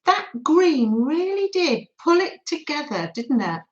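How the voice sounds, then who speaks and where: Chatty woman with a lively voice. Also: sits high, a little slow, echoey room, lo-fi sound. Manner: chatty, affectionate, reads chat names aloud. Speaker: craft livestream host. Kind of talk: casual livestream chat. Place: home dining room table.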